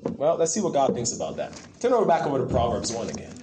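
A man preaching a sermon in an animated way, acting out the quotes he tells and asking the crowd for replies. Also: fairly high pitch, fast, hardly any pauses, a little hiss or hum. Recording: echoey room.

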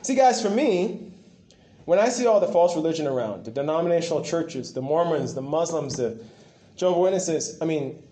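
Male preacher with a high, lively voice, impassioned and repetitive, recorded in a roomy hall. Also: normal speed. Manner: impassioned, repetitive, animated storytelling. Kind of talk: sermon. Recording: echoey room.

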